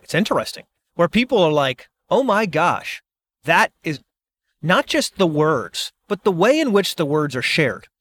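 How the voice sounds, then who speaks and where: Brief: middle-aged man, slightly high voice, chatty and animated, acts out reactions. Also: no echo. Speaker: speaker and author. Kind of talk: casual monologue.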